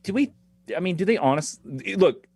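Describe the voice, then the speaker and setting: A man's voice: high voice, expressive, normal speed, vocal fry, a little mellow, breathy edge, dry recording. Emphatic male guest, dry sound. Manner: emphatic, lecturing, full of asides. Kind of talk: casual chat.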